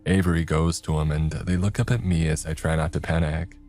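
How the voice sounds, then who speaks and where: A man reading a first-person horror story in a tense, measured way. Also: rumbling low, fairly even intonation, darkish tone, faint music behind. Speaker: narrator.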